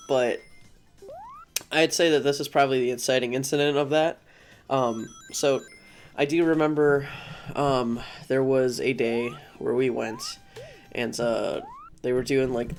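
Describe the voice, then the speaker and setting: A young man casually telling a personal story, rambling with frequent restarts and fillers and swearing now and then. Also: mid-range voice. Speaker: vlogger.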